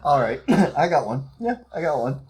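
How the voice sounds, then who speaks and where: A woman telling a story in a giggly, halting way. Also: sits low, big pitch swings, darkish tone, breathy edge. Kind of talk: casual storytelling.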